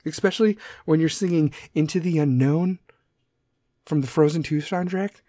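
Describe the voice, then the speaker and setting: A man's voice: a little high, normal speed, mellow, dry recording. A middle-aged man hosting a solo podcast, ranting casually with lots of swearing and wandering off on tangents. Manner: profane, rambling, goes off on tangents. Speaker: podcast host.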